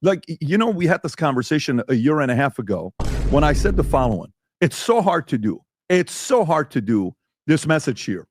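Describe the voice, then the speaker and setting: A man's voice: fairly high pitch, sing-song, a little fast, dry recording. A male podcast host in a heated debate, talking emphatically and firing rhetorical questions.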